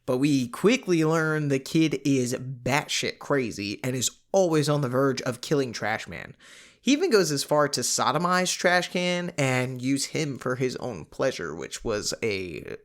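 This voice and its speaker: A man hosting a podcast, recapping a novel in a casual, conversational way with frequent fillers and animated asides. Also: mid-range voice, a little slow. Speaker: podcast host.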